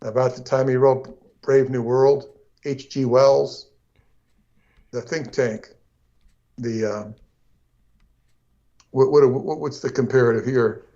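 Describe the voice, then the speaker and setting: A man's voice: medium pitch, steady tone, takes it slowly, pauses often, mellow, dull audio. A man co-hosting a casual livestream conversation, rambling along with frequent restarts and asides. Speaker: co-host.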